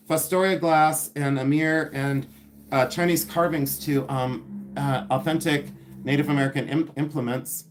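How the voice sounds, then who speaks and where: A man hosting a casual livestream, chatting in a distracted, rambling way as he unboxes vintage finds and answers viewer comments. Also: a little high.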